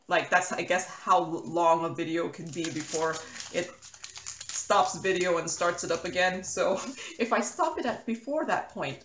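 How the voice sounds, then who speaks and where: A woman's voice: lowish voice, echoey room, a little hiss or hum. An American woman chatting casually while she crafts, rambling with lots of fillers and restarts. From United States. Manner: rambling, filler-heavy, self-correcting. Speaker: crafting YouTuber.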